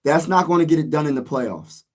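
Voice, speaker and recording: A man's voice: a little high, animated, a little fast. Man sports vlogger, exasperated rant. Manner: venting, exasperated, repeats himself.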